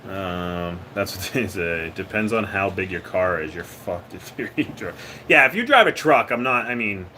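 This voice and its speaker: A man's voice: sits low, lively intonation, normal speed, background noise. A man from Maine, hosting a casual livestream chat, joking and laughing often and letting his sentences trail off. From Maine, USA. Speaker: livestream host. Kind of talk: casual live chat with viewers.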